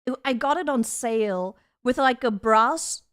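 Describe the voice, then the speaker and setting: Young woman, high voice, giggly casual streamer chatting from her desk. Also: measured pace, fairly bright tone, clean tone. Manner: bubbly, giggly, reads chat aloud. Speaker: vtuber streamer. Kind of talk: casual live-stream chat. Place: home desk setup.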